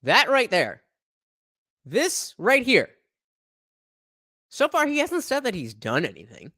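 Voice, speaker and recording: A man's voice: very high-pitched, wildly swooping pitch, takes it slowly, bright, forceful tone, dry recording, clean studio sound. A man hosting a podcast, giving casual, incredulous reaction commentary with frequent fillers. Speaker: podcast host reacting to clips.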